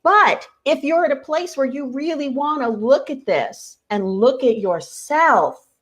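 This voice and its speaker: A woman's voice: sits high, lively intonation, unhurried, fairly bright tone. A woman spiritual coach talking casually to her viewers, earnest and repeating key phrases for emphasis. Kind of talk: casual livestream talk.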